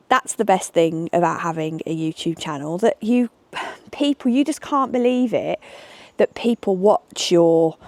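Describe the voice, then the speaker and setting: A woman's voice: on the low side, a little mellow, no room sound. A middle-aged woman from Birmingham with a Brummie accent, chatting candidly with frank asides as she answers viewers' questions outdoors in a garden. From Birmingham, England. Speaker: history YouTuber.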